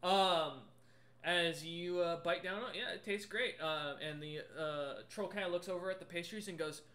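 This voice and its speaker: Man, game master, casual rambling narration, filler-heavy, bright forceful voice, slightly high. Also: moderate pace. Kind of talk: improvised tabletop narration.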